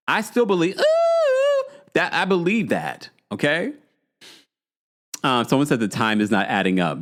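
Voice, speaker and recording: A man in his forties hosting a casual podcast, recapping reality TV in a chatty way and reading out viewers' comments. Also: a little high. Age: 40s. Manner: animated and chatty, with frequent restarts and asides to viewers. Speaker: podcast host.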